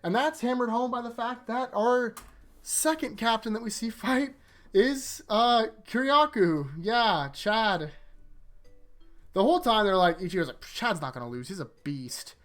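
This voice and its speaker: A man hosting an anime rewatch, recapping episodes in a rambling, casual way full of fillers. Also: high voice. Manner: rambling, filler-heavy, animated retelling.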